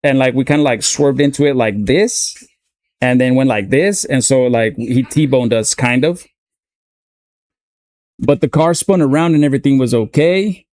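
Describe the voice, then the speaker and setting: A man's voice: medium pitch, dark tone, slight background noise. A man in his thirties telling a long story in a loose, casual way, full of fillers and swearing. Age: 30s. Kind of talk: casual storytelling while gaming.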